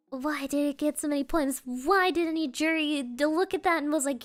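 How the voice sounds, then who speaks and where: A woman's voice: high-pitched, moderate pace, few pauses, faint music behind. A woman streamer chatting casually with her viewers, playful and rambling, often laughing.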